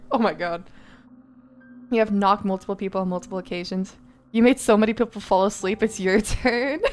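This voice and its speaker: A tired young woman streamer chatting casually, rambling with lots of fillers and laughs. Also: medium pitch.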